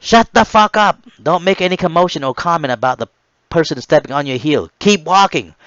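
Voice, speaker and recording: A man voicing an angry male drill instructor who curses and shouts orders at marching recruits. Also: fairly high pitch, lively intonation, fairly quick, clear, resonant tone, dry recording, muffled recording, pitched above the performer's own voice. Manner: loud cursing orders.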